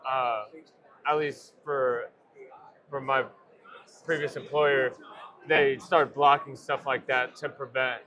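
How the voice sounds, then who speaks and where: Relaxed young-sounding founder at a trade show. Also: male voice, medium pitch, slow pace, pauses often. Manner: relaxed, rambling, with many fillers and restarts. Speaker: startup founder guest. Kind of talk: casual trade-show interview. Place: busy convention floor.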